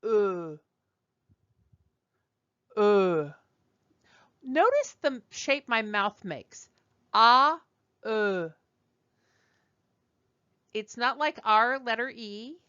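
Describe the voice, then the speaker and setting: Slow, patient woman teaching a class. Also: on the high side, sharp tone, clean tone, dry recording, highs cut off. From United States. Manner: slow, patient, modeling sounds. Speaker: French teacher. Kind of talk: classroom lesson.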